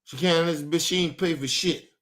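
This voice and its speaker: A man's voice: a little high, steady tone, a little fast, a bit bright. A man hosting a show, ranting angrily in with heavy swearing and a lot of repetition. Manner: angry, repeats himself, swears heavily. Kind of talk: heated on-air rant.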